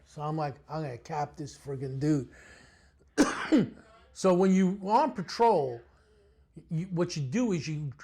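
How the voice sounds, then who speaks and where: A streetwise older man recounts his police days in an interview. His voice sits fairly high and carries a gravelly edge. He talks bluntly, with plenty of swagger. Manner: streetwise, blunt, animated storyteller. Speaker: retired police detective. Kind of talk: storytelling interview.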